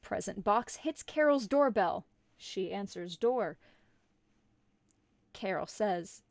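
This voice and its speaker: A woman streamer reading a silly holiday story aloud in a deadpan way. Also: fairly high pitch, slow, no echo. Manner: deadpan, absurd.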